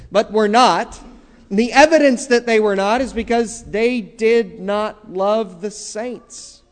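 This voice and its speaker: High-voiced slow preaching man. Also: in a large hall. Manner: slow, emphatic preaching with drawn-out phrases. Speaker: pastor. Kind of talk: sermon.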